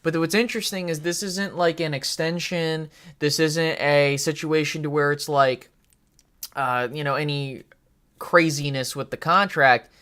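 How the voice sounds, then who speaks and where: A man's voice: fairly high pitch, steady tone, unhurried, sharp tone, clean tone. Opinionated man hosting a live sports stream. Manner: opinionated, rambling with fillers and restarts; swears casually. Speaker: podcast host.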